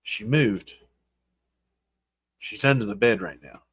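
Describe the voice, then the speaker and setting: Folksy West Virginian man, lively pitch. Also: slow, slightly rough, dry recording. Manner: folksy, reads out and greets chat names. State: groggy morning voice. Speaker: livestream host. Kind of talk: casual livestream chat, greeting viewers. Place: home room.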